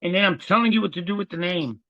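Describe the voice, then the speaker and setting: Man, excited preacher-like host, somewhat high voice, muffled lo-fi sound. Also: vocal fry. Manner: excitable, rapid shifts in tone, preacher-like. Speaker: host and legal trust teacher. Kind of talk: excited preaching-style talk.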